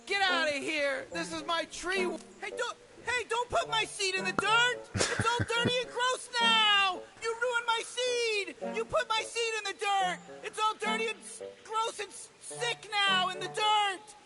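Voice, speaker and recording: A squealing, unhinged tree dweller shrieks at intruders in an extremely high, strained voice and swears at every turn. It comes through as game audio with a loud soundtrack playing behind. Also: male voice, a little slow, music in the background. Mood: furious. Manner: screams possessively, swearing constantly. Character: shrieking territorial tree-dwelling man, furious. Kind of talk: comedy video game voice acting.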